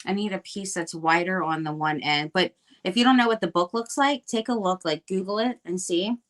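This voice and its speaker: A middle-aged woman talks through her crafting on a live stream. Her voice sits fairly low, and her chat is loose and rambling, with plenty of ums and self-corrections. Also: normal speed. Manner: chatty and rambling, with many fillers and restarts. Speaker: crafting livestream guest.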